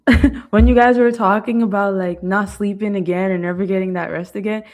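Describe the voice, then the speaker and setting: A woman's voice: mid-range voice, fairly even intonation, brisk, darkish tone. A woman guest on a livestream panel, recounting a personal memory in an amused way. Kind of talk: candid panel conversation.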